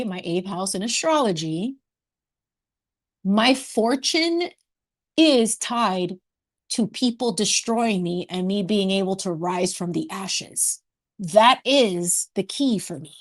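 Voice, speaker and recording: A woman hosting a casual livestream chat, playful and sassy, laughing often and dropping in Spanish words. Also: mid-range voice. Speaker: livestream host.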